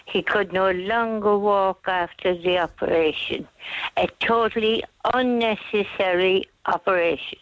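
An aggrieved woman in her sixties calls a radio show as a mother and carer, speaking slowly and insistently. Her voice sits in a middle pitch over a dull, dry line. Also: no echo. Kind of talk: phone-in radio call.

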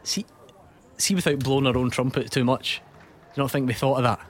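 Teasing radio host. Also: male voice, mid-range voice. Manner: teasing, quick to laugh. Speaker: radio football show host. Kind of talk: casual studio banter.

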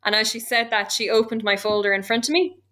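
Irish woman, youngish, telling her own story, emotional and candid, bright forceful voice. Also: fairly high pitch, steady tone, fast. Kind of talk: personal account.

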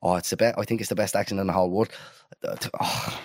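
A young man with an Irish accent, co-hosting a podcast in playful, animated banter and laughing often. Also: deep voice, quick pace, creaky, dry recording, clean studio sound. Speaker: podcast co-host. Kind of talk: casual banter.

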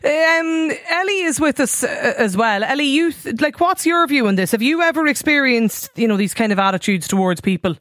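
A woman's voice: sits high, expressive, normal speed, few pauses, fairly bright tone, no echo, studio quality. A woman with a Donegal Irish accent hosting a radio phone-in, talking conversationally and reading out listener messages. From Donegal, Ireland. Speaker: radio talk show host.

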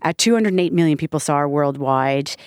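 A woman's voice: low voice, fairly quick, a little mellow, clear, resonant tone, dry recording, studio quality. A woman chatting on a radio panel, upbeat and chatty. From Canada. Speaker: radio presenter, panel guest. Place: radio studio.

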